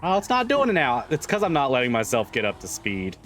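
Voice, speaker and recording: A man's voice: medium pitch, wildly swooping pitch, a little fast, fairly bright tone, soft background music. A man streaming a driving game live, chatting casually, swearing and repeating himself as he gets frustrated.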